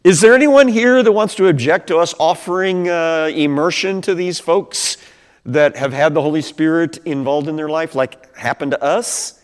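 A preacher voicing the apostle Peter, raised and earnest, in a reverberant hall. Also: male voice, fairly high pitch, moderate pace, voice pushed up, close to an everyday voice. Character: Peter the apostle, a surprised man.

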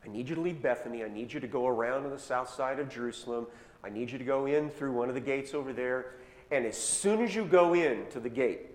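A man preaching a sermon and retelling scripture in casual modern words, slowing down to stress key phrases. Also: medium pitch. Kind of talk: sermon storytelling. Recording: echoey hall with long reverb, faint noise.

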